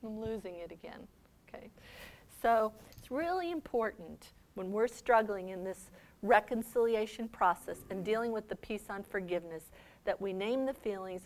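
A middle-aged woman giving a faith seminar talk, conversational and quick to laugh, often checking in with "okay?". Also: mid-range voice, animated. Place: seminar room.

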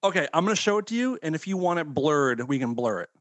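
A man's voice: on the high side, very animated, fast talker, fairly bright tone, dry recording. Joking man podcast co-host, dry sound. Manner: joking, rambling, swearing. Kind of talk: casual chat. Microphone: remote call.

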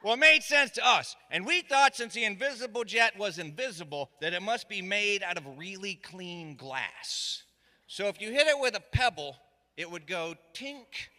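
A middle-aged man tells a comic tale to a live audience. His voice sits high and cuts with a hard, bright edge. A long hall reverb trails each line. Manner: animated, shouting quoted lines, dry asides. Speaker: storyteller. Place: stage in a hall.

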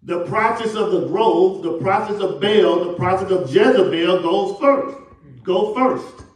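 Heard from afar in an echoing sanctuary, this Texas pastor speaks in a high, somewhat slow voice. The Southern American man delivers a call-and-response sermon, questioning his congregation and voicing the characters he quotes.

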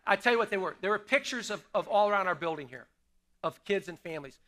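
A middle-aged male pastor preaching in a church, with a fairly high voice for a man. His tone is bright and forward. He keeps it conversational, putting questions to the congregation and repeating his key lines. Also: lively intonation, fast talker, slight background noise. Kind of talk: sermon. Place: church sanctuary.

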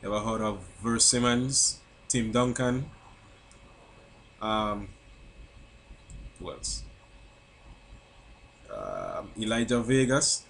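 A young man from St. Croix talks casually into his camera mic with a Crucian accent, his voice sitting on the low side. He is chatty and keeps checking in with "you know what I mean?" A faint hiss runs under the home recording. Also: lively intonation, drawn-out words, pauses often, fairly bright tone. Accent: Crucian (St. Croix) English. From St. Croix, US Virgin Islands. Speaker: vlogger.

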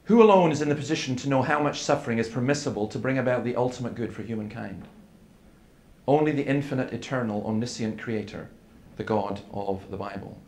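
A man's voice: medium pitch, a little fast, a little mellow. A man giving an earnest seminar talk, telling stories with quoted dialogue. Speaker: preacher. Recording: echoey hall with faint room noise.

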